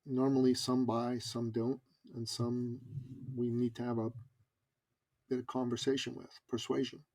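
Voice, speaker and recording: A man's voice: medium pitch, flat delivery, measured pace, a little mellow. A middle-aged man telling a personal story as a podcast guest, earnest and emphatic. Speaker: podcast guest, business coach.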